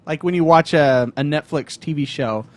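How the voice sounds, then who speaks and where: A married man co-hosting a gaming podcast in casual chat, joking and quick to laugh. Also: a little high. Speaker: podcast co-host.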